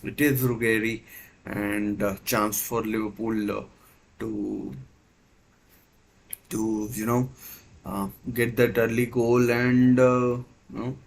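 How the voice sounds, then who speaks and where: A man's voice: fairly low pitch, level tone, takes it slowly, vocal fry, pauses often, poor audio. A man hosting a live football watchalong, giving hesitant play-by-play with many fillers and restarts. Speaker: watchalong host. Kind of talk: live match commentary watchalong.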